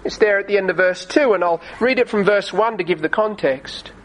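Male preacher, high voice, earnest sermon, slow scripture reading. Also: low-quality recording. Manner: reads scripture in archaic wording, slows for emphasis.

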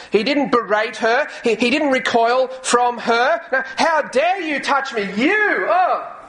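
A man's voice: extremely high pitch, a bit bright, poor audio. A male pastor preaching a sermon earnestly, often repeating words as he goes and reading scripture aloud. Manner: reads scripture aloud in old English wording.

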